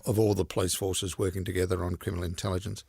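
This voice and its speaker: A frank, emphatic man speaks in a very low, gravelly voice. His tone is husky, and the sound is close and dry. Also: little pitch movement, fast talker, a little mellow, no echo. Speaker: interview guest. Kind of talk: conversational storytelling.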